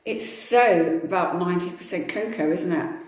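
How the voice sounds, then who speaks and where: A woman's voice: on the low side, moderate pace, a little mellow. Playful, teasing woman, casual chat, heavy room echo. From England. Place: indoors at home.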